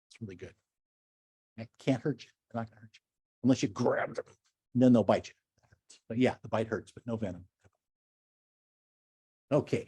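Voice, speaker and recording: Animated older man gushing over slides. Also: mid-range voice, husky, dry recording, studio quality. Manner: enthusiastic, gushing, chatty asides. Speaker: naturalist lecturer. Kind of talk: slide talk to a club.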